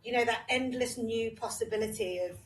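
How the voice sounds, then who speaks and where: A woman's voice: on the high side, little pitch movement, fairly quick, soft background music, low-quality recording. A woman co-hosting a podcast, talking openly in casual chat with frequent ums and repeats. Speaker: podcast co-host.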